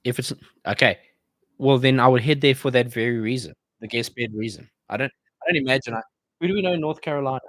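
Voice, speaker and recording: A man's voice: medium pitch, fast, a bit bright, dry recording. A man hosting a casual live-stream Q&A, reading viewer comments aloud and bantering about them.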